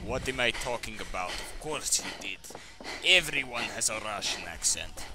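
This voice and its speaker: A man chatting casually while playing a co-op zombie game with a friend, joking and bursting into shouts when the action picks up. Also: on the low side, lively intonation, moderate pace, creaky. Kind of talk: casual let's-play chat. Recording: loud game noise under the voice.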